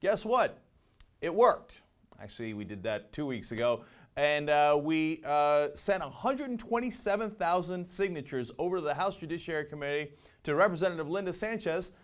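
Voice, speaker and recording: Male web talk show host, somewhat high voice, lively and chatty, lots of uh's. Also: moderate pace. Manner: energetic, animated, many fillers.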